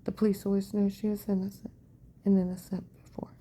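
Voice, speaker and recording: Woman, husky and dark-toned, rambling monologue that keeps sinking to a whisper. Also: mid-range voice, little pitch movement, brisk. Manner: often drops to a hushed whisper; fragmented, repetitive phrasing. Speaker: vlogger telling a personal account.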